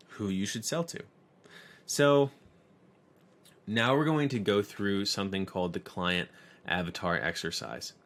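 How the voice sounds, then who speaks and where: A man's voice: low voice, a bit bright. A man teaching an online course lesson, telling stories in a conversational way. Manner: conversational storyteller. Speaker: course instructor.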